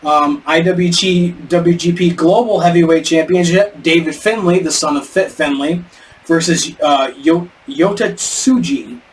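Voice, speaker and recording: With a slightly high voice and measured pace, a man co-hosts a podcast, chatting casually while rambling and stumbling over names. The audio comes from a distant mic with faint background noise.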